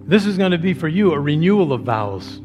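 A male pastor preaching a sermon to a congregation, drawing phrases out slowly and then rising to loud, fervent calls. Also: on the high side, very animated, soft background music. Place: church sanctuary before a congregation.

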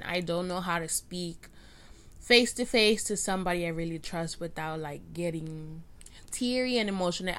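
A young adult woman hosts a casual solo podcast from home on a cheap USB mic. Her voice is lowish and a little bright, and she rambles, pokes fun at herself and keeps restarting her sentences.

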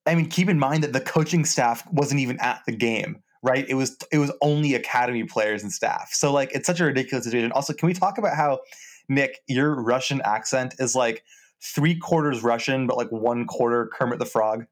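A young man co-hosting a podcast in relaxed casual chat, with many fillers. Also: mid-range voice, a little fast. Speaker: podcast co-host.

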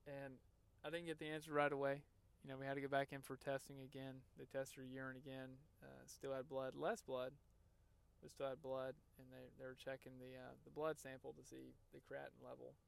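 A man hosting a podcast, telling a personal story in an earnest, emotional way, halting and restarting as he talks. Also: mid-range voice, vocal fry, smooth. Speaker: podcast host. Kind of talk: personal story, casual monologue.

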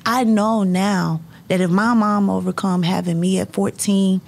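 A middle-aged woman, a high school counselor, telling personal stories in an earnest, faith-filled way and breaking into laughter. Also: steady tone, a little slow, vocal fry, a little mellow. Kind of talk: personal storytelling in conversation.

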